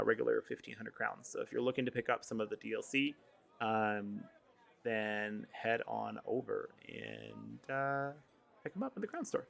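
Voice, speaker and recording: A man with a bright tone and a gravelly rasp under it talks casually through game store offers and event news. He wanders, fills gaps with ums and fixes his own slips mid-sentence. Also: medium pitch. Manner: rambling, lots of ums and self-corrections. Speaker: podcast co-host.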